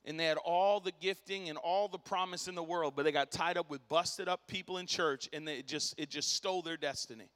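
High, bright-voiced preacher in a reverberant hall. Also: male voice, a little fast, few pauses. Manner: impassioned, storytelling, rising to shouts; casual slang like dude and bro. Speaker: pastor. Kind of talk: sermon. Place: church sanctuary.

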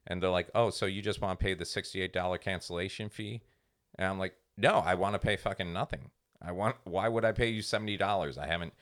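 Deep-voiced, smooth-toned man in his forties. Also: fairly even intonation, fast talker, a bit bright. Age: 40s. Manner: profane, exasperated ranting with acted-out quotes. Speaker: comedian podcast co-host. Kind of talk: casual chat, storytelling.

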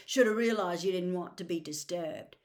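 A woman's voice: fairly low pitch, normal speed, a little mellow, natural voice. A woman reading a hurt, sarcastic teenage boy from a storybook, in a subdued voice. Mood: sulky.

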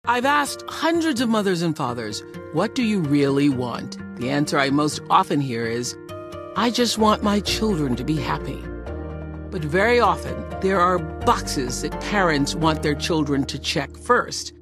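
A man hosting a podcast, reading a scripted introduction in a measured, announcer-like way. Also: on the high side, sing-song. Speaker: podcast host. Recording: voice over loud background music.

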